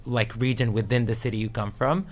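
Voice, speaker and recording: A man's voice: mid-range voice, steady tone, brisk. Playful Palestinian man co-hosting radio. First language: Arabic. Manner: playful, laughs often. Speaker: co-host. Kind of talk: casual radio chat.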